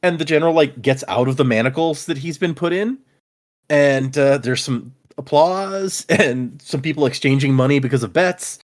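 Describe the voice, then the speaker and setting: A man's voice: a little high, normal speed. A man hosting a podcast in casual chat, animatedly retelling the story with laughs. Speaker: podcast host.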